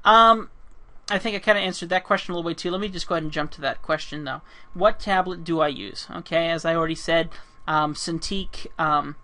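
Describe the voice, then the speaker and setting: A man's voice: a little high, pushed and bright. A man answering fan questions while he draws, rambling with many ums and restarts, and losing his voice. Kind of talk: casual talk while drawing.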